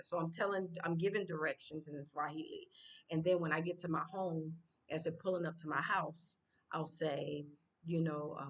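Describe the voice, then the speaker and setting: A woman's voice: steady tone, normal speed. A woman from the United States talking casually to her vlog viewers, unscripted, with many fillers and restarts. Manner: speaks Swahili phrases louder and higher. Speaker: vlogger.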